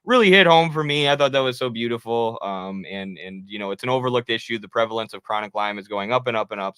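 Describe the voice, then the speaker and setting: A man with a bright, crisp voice chats animatedly on a political talk show. His tone is clear and forward, recorded close and dry. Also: medium pitch, dry recording. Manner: animated, acts out quotes with laughs. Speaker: co-host.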